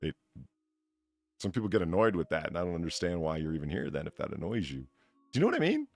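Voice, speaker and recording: A man's voice: deep voice, huge pitch swings, fast talker, a little mellow, dry recording, soft background music. A man hosting a livestream, talking casually, rambling and swearing freely. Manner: profane, rambling with restarts. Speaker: livestream host.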